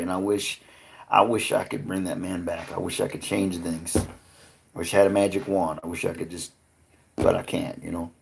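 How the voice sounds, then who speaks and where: Low and gravelly, this man's voice comes with a slight hiss or hum in the background. He's hosting a laid-back livestream, talking loosely with his viewers, cursing freely and laughing often.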